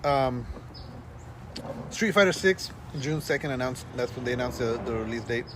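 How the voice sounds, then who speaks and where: Swearing, rambling gamer podcast host. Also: male voice, mid-range voice, lively intonation, moderate pace, fairly bright tone, a little hiss or hum. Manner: rambling, swears a lot, many restarts. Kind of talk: casual chat.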